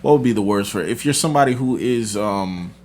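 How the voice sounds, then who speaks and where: A man's voice: on the low side, animated, fast, darkish tone, a little hiss or hum. A man hosting a podcast, talking casually and confidently, telling stories with animation. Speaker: podcast host. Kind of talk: casual chat.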